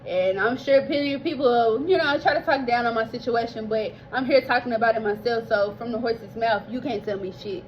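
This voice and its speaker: A woman's voice: fairly high pitch, fairly quick, hardly any pauses, dull audio, a little hiss or hum. A young woman telling her life story casually, rambling and heartfelt, near tears, swearing and calling listeners y'all.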